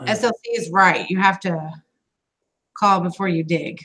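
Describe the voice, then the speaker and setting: A woman guest chatting casually on a live stream, relaxed. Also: on the low side, moderate pace, a little hiss or hum. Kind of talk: casual chat.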